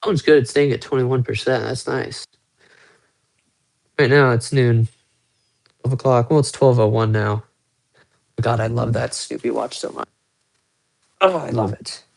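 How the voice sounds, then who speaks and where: A man's voice: mid-range voice, fairly even intonation, a little slow, gravelly, pauses often, darkish tone. A young man chatting casually with viewers on a phone live stream from a small room at home, rambling as he shows off his guitars and watches. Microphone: phone held close.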